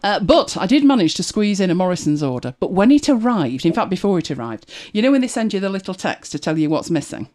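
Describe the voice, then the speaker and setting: Quick and sing-song, a slightly mellow, medium-pitched female voice rolls on with hardly any pauses. The speaker, from Manchester, England, hosts a live podcast where she tells wry, chatty stories about everyday life, laughing along in her English accent.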